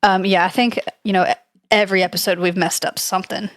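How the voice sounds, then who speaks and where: A woman's voice: medium pitch, flat delivery, fairly quick, no room sound, clean studio sound. A woman co-hosting a podcast, casually retelling a ghost story from her notes, hedging often with "like" and "I don't know.". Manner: chatty, hedging, reads from notes with frequent likes and I don't knows. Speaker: podcast co-host.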